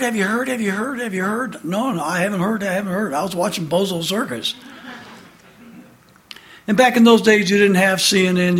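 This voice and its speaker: A man in his seventies from the American Midwest gives an address and tells a childhood memory, sometimes emphatic and sometimes hushed. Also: high-pitched. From Midwestern United States. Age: 70s. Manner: animated storyteller, alternately emphatic and hushed. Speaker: speaker giving an address. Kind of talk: personal recollection in a prepared address.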